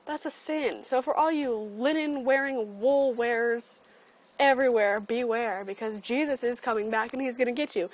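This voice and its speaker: A vlogger whose voice leans high speaks at a moderate pace while ranting with animated sarcasm and plenty of swearing. Audio from her computer webcam is poor.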